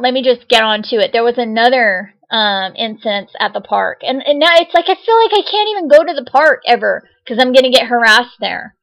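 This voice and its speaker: A woman's voice: fairly high pitch, creaky, a bit bright, low-quality recording. A young woman vlogging casually to camera, agitated and insistent, repeating herself.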